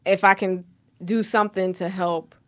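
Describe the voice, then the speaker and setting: A woman talks in an emphatic, lively way, with a mid-range voice. She sounds like a guest sharing strong opinions in casual conversation. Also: medium pitch, normal speed. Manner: animated, emphatic, laughs often. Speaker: guest, singer. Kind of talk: casual interview chat.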